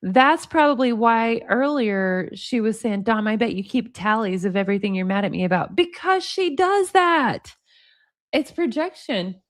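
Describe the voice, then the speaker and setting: A woman's voice: medium pitch, animated, normal speed, hardly any pauses. A woman in her forties, commentating casually as host, reading text messages aloud and reacting bluntly with plenty of laughter and swearing. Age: 40s.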